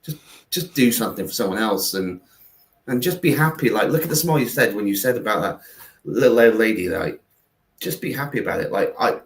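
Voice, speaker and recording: A man's voice: lowish voice, lively intonation, fairly quick, roomy sound. A man, a guest telling stories in a rambling interview full of fillers and restarts over a video call. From England. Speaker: guest, founder of a kindness platform. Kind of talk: conversational interview, storytelling.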